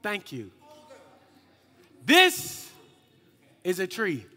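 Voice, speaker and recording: A young man preaching a slangy, call-and-response youth sermon, rising into shouts. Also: sits high, measured pace. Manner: lively and slangy, calls out to the crowd and rises to shouts. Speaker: youth minister. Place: hall with a youth group. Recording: echoey hall with long reverb.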